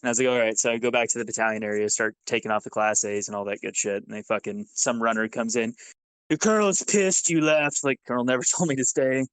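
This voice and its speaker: A man's voice: fairly low pitch, fast talker, few pauses, smooth, no room sound, rough recording. A man, a former Army sergeant, telling war stories on a podcast in a loose, profane way and acting out the dialogue. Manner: profane, animated, acts out dialogue. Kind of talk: casual storytelling.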